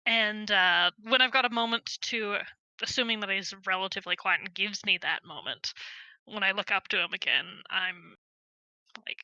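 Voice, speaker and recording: Bright-voiced woman player. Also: medium pitch, normal speed, clear, resonant tone, no room sound, dull audio. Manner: describes her actions in first person. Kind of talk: in-character tabletop play.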